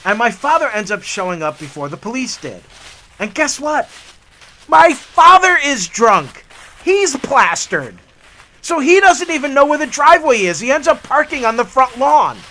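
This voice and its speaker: A man in casual, animated storytelling on a hike along a forest trail. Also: extremely high pitch, normal speed, a little hiss or hum. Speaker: hiking vlogger.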